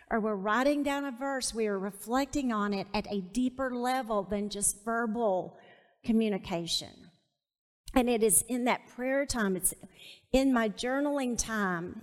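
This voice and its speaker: A woman teaching a Bible study sermon, emphatic, repeating key phrases and asking her listeners to say them back to her. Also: fairly high pitch. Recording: long hall reverb.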